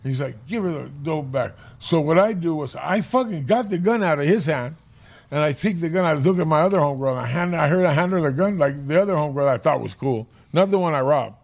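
A man, telling a rough street story in casual, profane podcast chat. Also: a little high, animated, fast talker.

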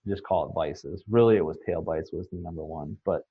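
A man's voice: low voice, fairly quick, breathy edge, no echo, lo-fi sound. A man guest on a podcast, telling long anecdotes in a rambling, casual way with many fillers and restarts. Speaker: swine nutrition guest. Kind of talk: casual storytelling in a podcast interview.

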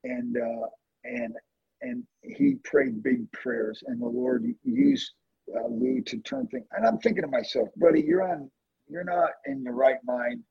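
Gravelly, husky man with a lively, rising voice; earnest testimony told to a host, dry close sound, dull lo-fi recording. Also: a little slow, no echo. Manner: earnest, emotional testimony with animated swings in pitch. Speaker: guest, prayer ministry leader. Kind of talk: storytelling in a conversation.

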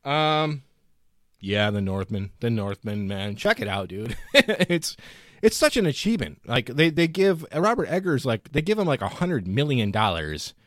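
Lively, swearing man talking movies. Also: mid-range voice, measured pace, dry recording, studio quality. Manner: loose, swears a lot, lively. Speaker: podcast co-host. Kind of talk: casual movie chat.

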